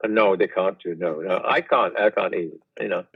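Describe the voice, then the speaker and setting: An older man, a guest reminiscing in an unhurried, rambling way over a video call. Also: low-pitched, husky, phone-quality sound. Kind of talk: casual interview chat.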